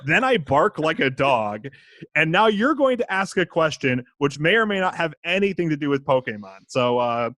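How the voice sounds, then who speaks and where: A man's voice: on the high side, big pitch swings, moderate pace, a bit bright, dry recording, studio quality. A man co-hosting a casual podcast, goofy and playful, joking between topics. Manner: goofy, playful, sings and barks. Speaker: podcast co-host. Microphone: podcast mic.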